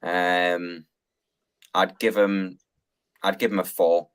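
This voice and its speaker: A man's voice: low-pitched, level tone, takes it slowly, smooth. A man, a guest pundit, giving casual, rambling football opinions with plenty of fillers.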